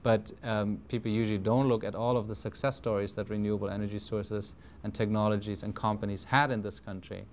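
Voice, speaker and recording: A man's voice: on the low side, level tone, brisk, few pauses, slight background noise. A man with a German accent giving a conference talk, hesitant, with many fillers and restarts. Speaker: panel speaker.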